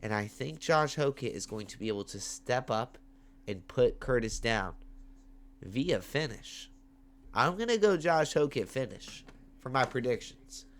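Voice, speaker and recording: Dude doing his fight picks on camera, slow drawl, slangy and hyped, gets loud then drops off. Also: mid-range voice. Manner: animated, slangy, hyped with big swings in loudness. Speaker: MMA betting picks host. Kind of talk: casual fight-pick commentary. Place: at home on camera. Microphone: webcam or phone on camera.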